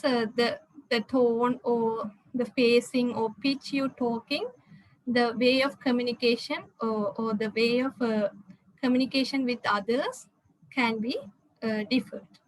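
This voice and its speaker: Woman lecturer, high pitch, halting delivery full of fillers, slide-lecture read. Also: rough recording. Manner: hesitant, frequent "uh" fillers and restarts.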